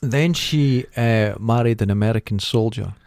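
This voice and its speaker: Scottish man, mid-pitched voice, dry sound, relaxed self-mocking storyteller. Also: normal speed, no echo. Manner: laid-back, self-deprecating anecdotes. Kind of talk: casual chat.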